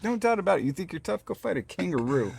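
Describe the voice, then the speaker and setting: A man's voice: high-pitched, sing-song, quick pace, vocal fry, a little mellow, a little hiss or hum. Casual male co-host, repeats lines, phone mic. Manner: rambling, repeats himself, emphatic warnings. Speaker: podcast co-host. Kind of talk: casual chat. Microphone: phone recording.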